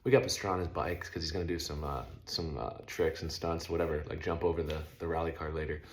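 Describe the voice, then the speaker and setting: Male vlogger, middle-aged, low voice, relaxed slangy storyteller who does noisy sound effects. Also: fast. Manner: animated, makes loud sound effects while telling; laid-back, uses slang like stoked and dope. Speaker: vlog host telling a story. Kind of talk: casual storytelling monologue.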